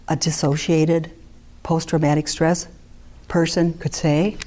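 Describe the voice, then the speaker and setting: An older woman speaking as a therapist before an audience, frank and personal, with quick asides. Her voice sits low and sounds mellow and dark. A faint hiss of noise runs underneath. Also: animated. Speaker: therapist giving a talk. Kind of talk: lecture to an audience.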